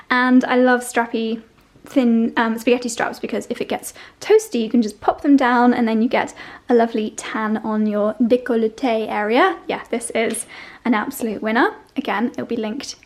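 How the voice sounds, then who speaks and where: A young woman, chatting casually through a fashion try-on vlog, gushing and easily sidetracked. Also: on the high side. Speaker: fashion vlogger.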